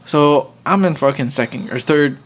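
A man's voice: medium pitch, normal speed. A young man hosting a podcast, laid-back in casual chat and swearing freely. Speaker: podcast host.

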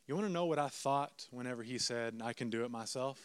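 A man in his thirties preaching a sermon as pastor, telling a story in a lively way and speaking straight to the congregation. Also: mid-range voice, fairly quick, few pauses, clear, resonant tone. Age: 30s.

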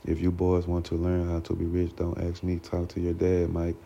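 A man reading the lines of a gentle, encouraging schoolteacher father in his own deep, gravelly voice, on a dull lo-fi recording. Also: monotone, moderate pace. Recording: dull lo-fi recording with faint noise.

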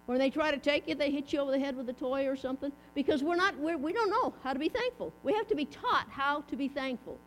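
A woman's voice: sits high, animated, quick pace. A middle-aged woman giving a chatty, folksy sermon, asking her listeners questions. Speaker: preacher. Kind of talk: casual sermon. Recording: mains hum underneath.

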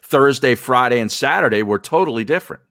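A man's voice: medium pitch, lively intonation, fast, a bit bright, dry recording, studio quality. A man co-hosting a sports radio show, riffing and joking in casual talk. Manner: joking, riffs on ideas.

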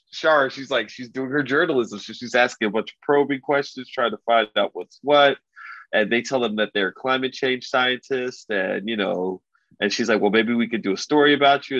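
A man casually retelling a story as a podcast co-host, animated and loose, full of filler words. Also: medium pitch, normal speed, no echo. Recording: dull lo-fi dry recording.

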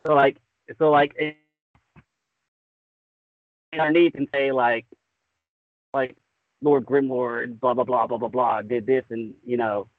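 Male podcast guest, Southern twang, relaxed and rambling, dry phone-quality audio. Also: medium pitch, slow, long pauses, no echo. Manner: easygoing, rambling, says "man" a lot. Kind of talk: casual podcast interview. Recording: tinny phone-like remote line.

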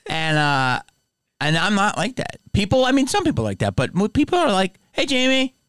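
Animated man hosting a podcast. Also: high-pitched, a little fast, dry recording, studio quality. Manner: animated storyteller, laughs often. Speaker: podcast host. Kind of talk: casual chat.

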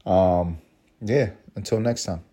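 A man's voice: sits low, slow pace, noisy background. Profane rambling young man podcasting. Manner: rambling, profane, laughs often. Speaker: podcast host. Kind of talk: casual solo podcast monologue.

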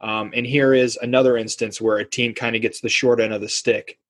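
Man, podcast co-host, husky, casual and animated sports talk. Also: medium pitch, fairly quick. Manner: animated, acts out quotes in voices.

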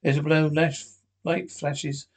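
A man's voice: fairly high pitch, level tone, slow pace. A man reading a science fiction episode script aloud, often stumbling and restarting words. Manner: stumbling, frequent restarts and slips. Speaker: podcast reader.

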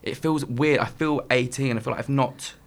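A man's voice: medium pitch, steady tone, moderate pace, gravelly. A man in his twenties hosting a podcast in casual chat, reading out listener dilemmas and teasing with frequent laughs. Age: 20s. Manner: giggly, playful, teasing. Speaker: podcast host.

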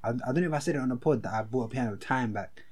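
A man's voice: medium pitch, darkish tone. A young man, co-hosting a podcast in casual, teasing chat over a video call. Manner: teasing, quick, breaks into laughter. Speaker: podcast co-host.

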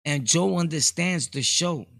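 A man's voice: on the high side, a little slow, gravelly, fairly bright tone, dry recording, studio quality. A man hosting a solo podcast, rambling casually with street slang and laughing asides. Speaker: podcast host.

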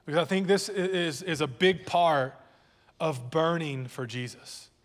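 Male pastor, fairly high voice, long church reverb, chatty repetitive preaching. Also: measured pace. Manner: conversational preaching with repeated words and audience jokes. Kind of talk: sermon. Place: church hall.

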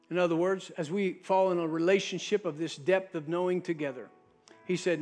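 Man preaching, pastor, high voice, soft low voice for quotes, faint music behind. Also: steady tone, fairly quick. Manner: preaching, drops to a soft low voice when quoting Jesus. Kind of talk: sermon.

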